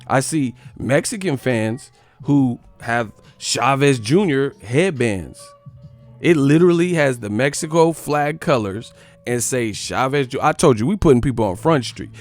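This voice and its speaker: A man hosting a boxing live stream, ranting in a profane, animated way and sometimes mocking others in put-on voices. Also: mid-range voice, unhurried, faint music behind. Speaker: boxing channel host.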